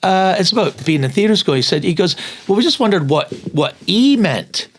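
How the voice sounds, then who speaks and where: Male guest comedian, Scottish-Canadian, slightly high voice, lively storyteller who does voices. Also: normal speed, slightly rough. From Scotland and Canada. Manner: animated, jumps into high-pitched voices for others. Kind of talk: casual storytelling chat.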